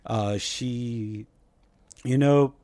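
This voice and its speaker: A man hosts a history podcast, wrapping up the episode in a relaxed way and leaning on lots of "uh" fillers. His voice is mid-pitched and recorded close and dry, with no room sound. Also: drawn-out words, no room sound. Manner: laid-back, many "uh" fillers, laughs along. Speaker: podcast host. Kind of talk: casual chat, show outro.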